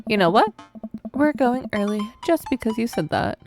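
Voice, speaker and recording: A bossy, teasing teenage daughter from a dating game, quick to poke fun at her dad, played by a woman. She sounds bright and pushy, with a gravelly rasp and lively pitch. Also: soft background music.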